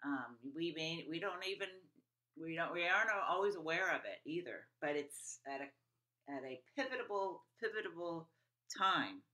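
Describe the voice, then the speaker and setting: A woman's voice: low-pitched, animated, unhurried, sharp tone. A woman hosting an interview, speaking reflectively with some hesitations. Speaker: host. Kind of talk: conversational interview.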